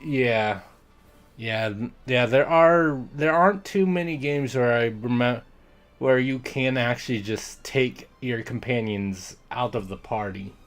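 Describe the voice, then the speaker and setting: A man chats his way through a video game on stream, his thoughts spilling out in half-finished sentences that loop back on themselves. Now and then he slips into playful accents to read the characters' lines. A soft bed of game music runs underneath his ordinary mid-pitched voice. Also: measured pace. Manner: rambling, self-interrupting, trails off mid-thought; reads game dialogue aloud in playful put-on accents. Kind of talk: casual game commentary.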